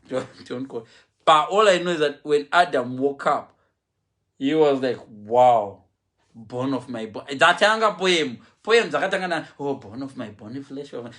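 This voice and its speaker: A man preaching a humorous sermon, mixing English and Shona and acting out the people he quotes. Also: mid-range voice. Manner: animated, mixes English and Shona, acts out quotes.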